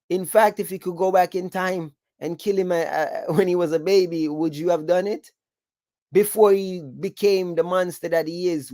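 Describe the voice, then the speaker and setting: Mellow-voiced Jamaican man hosting. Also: fairly high pitch, no room sound. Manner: reflective, rambling with patois tags. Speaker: host. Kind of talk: live-stream commentary.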